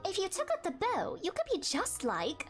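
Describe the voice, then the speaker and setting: A woman's voice: very high voice, wildly swooping pitch, moderate pace, faint music behind, pitched above the performer's own voice, exaggerated voice. A woman doing an eager young boy. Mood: excited.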